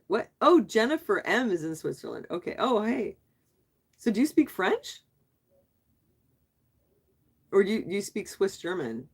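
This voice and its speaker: A woman's voice: mid-range voice, sing-song, measured pace, pauses often, breathy edge. A middle-aged woman hosting a casual livestream, chatting with viewers and reading their comments aloud, asking questions back and laughing often. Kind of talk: casual live chat.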